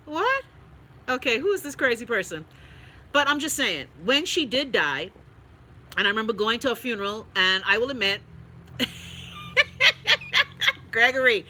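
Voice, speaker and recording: A Bahamian woman hosting a livestream, chatting casually and reading viewer comments in a blunt, profane, animated way. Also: on the high side, poor audio. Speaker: livestream host.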